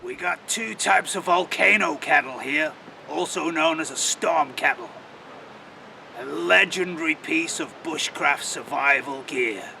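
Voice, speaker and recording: A man voicing a grizzled old male wilderness wanderer, presenting bushcraft gear outdoors in a folksy, gravelly drawl. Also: on the high side, unhurried, sharp tone, a little hiss or hum, exaggerated voice, rough recording. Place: outdoors by a campfire.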